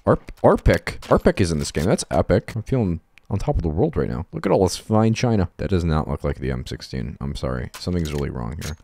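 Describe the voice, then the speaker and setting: Deep-voiced young man rambling over gameplay. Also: sing-song, a little fast, creaky, hardly any pauses, warm tone, slight background noise. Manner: rambling, self-deprecating, sweary, laughs often. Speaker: gaming YouTuber. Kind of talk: casual gameplay commentary.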